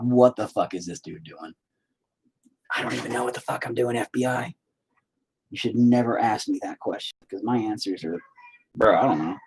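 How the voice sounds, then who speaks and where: Husky, lively man rambling casually. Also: on the low side, poor audio. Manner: joking, profane, easily sidetracked. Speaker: video creator.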